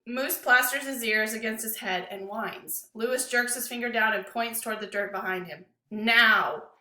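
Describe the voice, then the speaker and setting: A woman teacher reading a novel aloud to her class with an expressive, dramatic delivery. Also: on the high side, normal speed, roomy sound.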